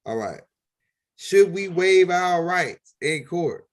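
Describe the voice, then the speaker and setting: A man hosting an interview, asking his questions in a relaxed, plain way. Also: high-pitched, slow. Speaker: host.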